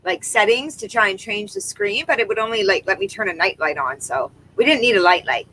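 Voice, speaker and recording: A woman's voice: medium pitch, animated, fairly quick, pushed and bright, a little hiss or hum, poor audio. A woman co-hosting a casual livestream from her backyard, chatting and reading viewer comments aloud. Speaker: co-host of a livestream. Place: outdoors in a backyard. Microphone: laptop microphone.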